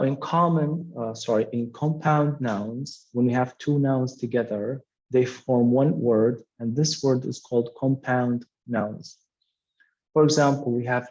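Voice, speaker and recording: A man's voice: mid-range voice, darkish tone, lo-fi sound. A man teaching an English lesson, explaining patiently and repeating key words with frequent "okay" fillers. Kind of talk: classroom explanation.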